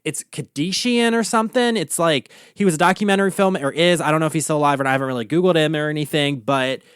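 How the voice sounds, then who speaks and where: A man hosting a podcast, ranting about pop culture in an animated, profane, gossipy way. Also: a little high, fast talker, clean tone, dry recording, clean studio sound. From Baltimore area, USA. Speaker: podcast host. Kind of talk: casual pop-culture rant.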